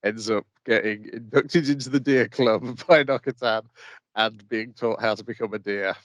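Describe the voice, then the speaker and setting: A man's voice: fairly low pitch, fairly even intonation, moderate pace, no room sound. A man co-hosting an anime podcast, casually summarizing plot points and chuckling as he goes. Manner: laid-back, plot-summarizing, chuckles through his lines. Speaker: podcast co-host. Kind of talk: casual chat recapping an anime.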